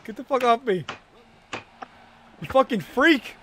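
A man playing a wrestling video game with friends, yelling curses and laughing at it. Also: very high voice, animated, measured pace, background noise. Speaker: gamer. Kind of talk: casual gaming banter.

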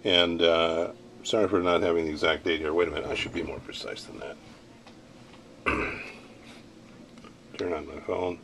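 Middle-aged man, deep and congested, nasal, halting casual vlog talk, slight background hiss. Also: fairly bright tone. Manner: halting, many uh fillers, coughs and throat-clearing. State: congested, nasal from sinus infection. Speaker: vlogger. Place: ranch, indoors.

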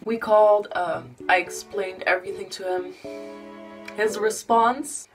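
Woman, confessional storytime, swears often, distant mic, soft background music. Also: medium pitch, measured pace. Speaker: vlogger. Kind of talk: storytime narration.

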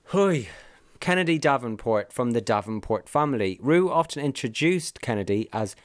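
A man reads a scripted list of explanations, dropping in brief wry asides along the way. His voice sits at a middle pitch. The recording is dry and close, with no room sound. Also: lively intonation, moderate pace, no echo. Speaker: video narrator. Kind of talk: scripted narration. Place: lives in the UK.

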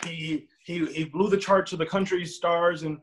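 A man's voice: fairly high pitch, steady tone, a bit bright. A young man, a guest in a casual conversation, speaking earnestly with frequent restarts and fillers. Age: young adult. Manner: earnest, halting, many restarts.

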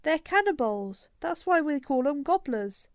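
A scrappy young boy, as a woman puts him on, high in pitch and full of rough slang. He talks fast and sure of himself. The recording is dry and close. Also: very animated, dry recording, full character voice. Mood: excited.

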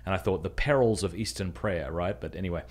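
A man's voice: deep voice, brisk. Earnest man casually teaching a prayer. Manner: earnest and conversational, easily amused. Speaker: podcast host teaching a prayer. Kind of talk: casual spoken instruction.

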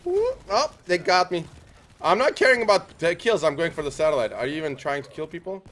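A man chatting casually while playing a shooter game, excitable and prone to yelps and cheers. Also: fairly high pitch, quick pace. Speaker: gamer.

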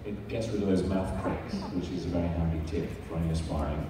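A man's voice: low-pitched, quick pace, background noise. A man speaking as a voice actor on a convention panel, explaining the craft with practical tips. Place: large convention hall. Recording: echoey hall, distant mic.

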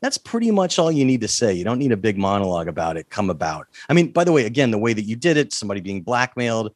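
A man's voice: on the low side, sing-song, quick pace, no room sound, studio quality. A man hosting an interview, asking direct questions and steering the conversation. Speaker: interview host.

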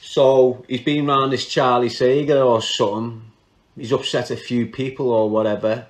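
On this podcast, a man from Liverpool tells a crime story at normal speed, his medium-pitched voice barely rising or falling. The Scouse talk is loose and slangy, with regular laughs and sentences left hanging.

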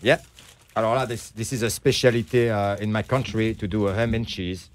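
A middle-aged man with a French accent, a bakery owner chatting as a guest, who pauses often to search for English words. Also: on the low side, steady tone. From France. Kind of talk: casual interview chat.

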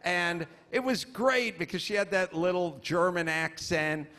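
A man's voice: high voice, steady tone, a little slow, pushed and bright. A middle-aged man hosting a live comedy podcast, telling stories in a profane, exasperated rant and mocking people in put-on voices. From United States. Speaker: podcast host. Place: comedy club stage before a live audience.

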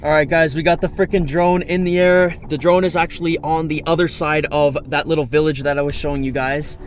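A man's voice: on the high side, flat delivery, fairly quick. A young man hosting a casual vlog, hyped and slangy, dropping "guys" and "freaking" all the time. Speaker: vlog host.

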